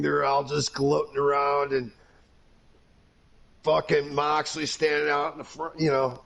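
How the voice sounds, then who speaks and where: A man's voice: fairly high pitch, creaky, dull audio. A man co-hosting a podcast, retelling a wrestling segment blow by blow, laughing and swearing. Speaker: podcast co-host. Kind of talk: casual wrestling review chat.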